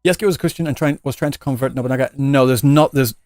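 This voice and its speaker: A man streaming live talks casually to his viewers in a mid-pitched voice, blunt and emphatic, piling up repeated phrases. The sound is dry and close, with faint music playing underneath. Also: fast, a little mellow, no room sound. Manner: emphatic, stacks repeated phrases and trails into restarts; blunt and exasperated, swears for emphasis.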